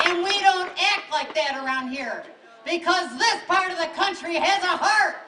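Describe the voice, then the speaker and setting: A woman's voice: very high-pitched, moderate pace. A woman from Western New York with a Western New York accent, a congressional candidate giving an emphatic, rousing speech at an outdoor rally. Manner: rousing, emphatic, punchy repeated lines. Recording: echoey, distant from mic, crowd noise.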